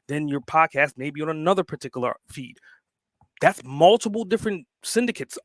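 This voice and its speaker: A man's voice: fairly high pitch, fairly bright tone, dry recording. A man talking as a guest on a podcast, emphatic and fired up, swearing freely to drive his points home. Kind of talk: casual podcast conversation.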